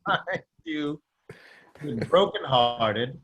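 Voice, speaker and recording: A man's voice: mid-range voice, expressive, extremely slow, fairly bright tone, slight background noise. A man making teasing, joking interjections in a casual podcast chat.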